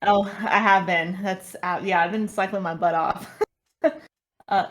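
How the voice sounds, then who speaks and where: A woman co-hosting a livestreamed podcast, bubbly and quick to laugh, easily flustered. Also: mid-range voice, fairly even intonation, fairly bright tone. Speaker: podcast co-host. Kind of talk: casual livestream chat.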